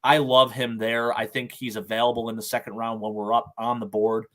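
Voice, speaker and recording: A man's voice: mid-range voice, flat delivery, fairly quick, fairly bright tone. Upbeat male sports podcast host. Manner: enthusiastic, upbeat. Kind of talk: casual sports chat.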